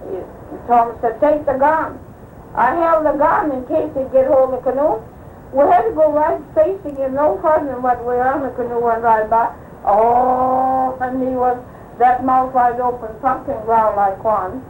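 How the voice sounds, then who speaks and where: High-voiced older woman telling old stories. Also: moderate pace, a little mellow, roomy sound, a little hiss or hum, low-quality recording. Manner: rambling anecdotal telling, acting out quoted speech. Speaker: oral history interviewee. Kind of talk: recounting old personal stories.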